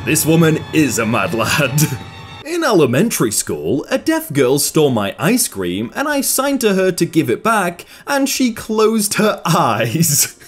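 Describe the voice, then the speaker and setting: A man's voice: a little high, a little slow, soft background music. A man hosting a comedy channel, reading out funny posts and reacting with frequent laughter in a casual commentary style. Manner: laughs often, lively voice. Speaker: YouTube host reading Reddit posts.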